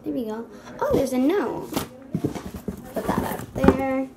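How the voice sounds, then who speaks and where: A bubbly woman vlogger gushes excitedly as she hosts a casual skit. Her voice is fairly high. The home recording carries a clear layer of noise. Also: takes it slowly. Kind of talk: casual kids' vlog skit.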